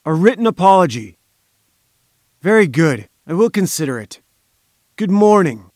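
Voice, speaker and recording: Man doing a booming, blustering old professor. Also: lively intonation, normal speed, dry recording, studio quality. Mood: outraged. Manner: blustering, indignant, haughty. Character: irascible pompous bearded male professor, booming. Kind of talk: audiobook character voice.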